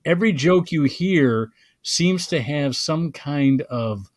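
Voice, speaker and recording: A man hosting a casual comedy talk show, talking in halting bursts with frequent restarts. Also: fairly high pitch, animated, no room sound. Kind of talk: casual chat.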